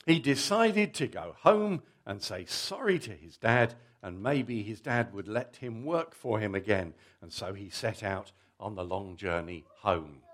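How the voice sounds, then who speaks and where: A man's voice: lowish voice, expressive, unhurried, hardly any pauses, a bit bright. A middle-aged man preaching a Father's Day family sermon, telling a story vividly and coaxing children to act it out.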